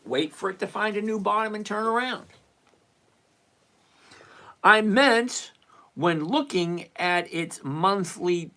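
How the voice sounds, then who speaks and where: A stock trading livestream host with a medium-pitched, sharp-toned voice talks casually to viewers over a desktop mic. The delivery is blunt and lecturing, with rules repeated over and over, while exasperated asides and the odd mild curse keep the chat loose.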